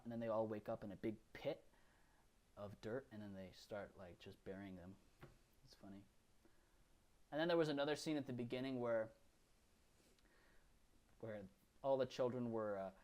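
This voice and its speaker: A man's voice: fairly low pitch, darkish tone. A man co-hosting a podcast, recapping films in casual, rambling chat full of fillers and restarts. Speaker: podcast co-host.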